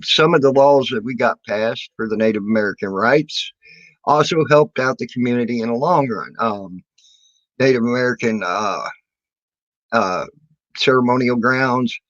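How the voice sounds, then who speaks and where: A man's voice: medium pitch, no room sound, lo-fi sound. A man speaking casually to his viewers in a rambling, defensive way, full of fillers and restarts. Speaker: video maker answering his community.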